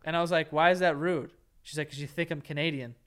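A man's voice: a little high, steady tone, quick pace, fairly bright tone, smooth. A young man co-hosting a casual podcast chat, telling stories animatedly and mimicking other people's voices. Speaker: podcast co-host.

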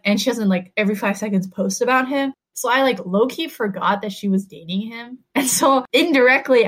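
A young adult woman hosting a podcast, telling a personal story in casual, rambling chat with lots of "like.". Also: mid-range voice. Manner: rambling, heavy use of "like". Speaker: podcast host.

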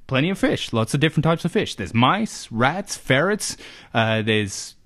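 A man's voice: mid-range voice, very animated, normal speed, a bit bright. A man from Australia hosting a comedy podcast, telling a rambling story full of fillers and rhetorical questions. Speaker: podcast host. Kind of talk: casual comedic chat.

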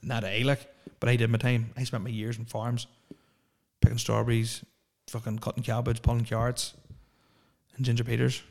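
A man's voice: medium pitch, little pitch movement, normal speed, creaky. A man, hosting a solo podcast and ranting in a profane, opinionated, rambling way. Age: 30s. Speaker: podcast host.

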